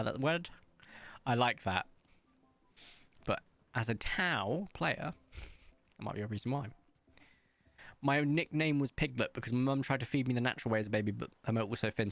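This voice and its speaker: A man's voice: fairly low pitch, fairly bright tone, dry recording. A man from Somerset with a posh English accent, chatting casually and rambling through stories while streaming a game. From England, Somerset. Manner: rambling anecdotal storytelling with frequent ums. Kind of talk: casual chat while gaming.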